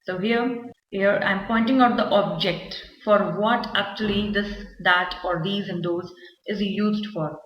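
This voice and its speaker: A woman's voice: mid-range voice, steady tone. Woman teaching grammar in an echoey room. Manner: explains slowly, repeating examples with fillers. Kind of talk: classroom grammar lesson. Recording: echoey, dull lo-fi recording.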